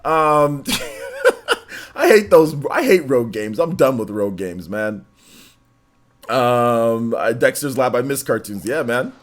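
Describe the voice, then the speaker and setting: A man's voice: medium pitch, a little slow. A young man hosting a livestream in casual chat, reading donations with laid-back slangy banter and frequent laughter. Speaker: livestream host.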